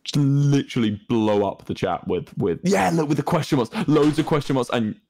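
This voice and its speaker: A man's voice: mid-range voice, animated, normal speed, a little mellow, a little hiss or hum. A young British man chatting casually to a stream audience, mischievous and rambling with lots of fillers. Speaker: streamer's guest co-host.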